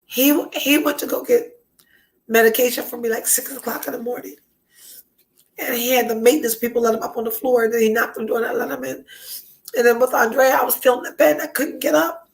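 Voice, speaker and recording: A woman's voice: a little high, fairly even intonation, fast, creaky, rough recording. A woman hosting a casual podcast, sick with a stuffed-up nasal voice, blunt and swearing freely, at times tearful and whispering. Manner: emotional, breaks into tears and whispers. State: sick and congested. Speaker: podcast host. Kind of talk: casual chat.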